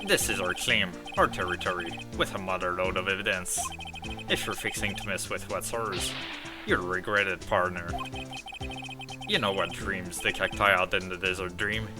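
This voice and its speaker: A man voicing a swaggering cowboy-sheriff detective in a loud tough-guy drawl, without a real Southern accent. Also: low voice, normal speed, close to an everyday voice. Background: game music.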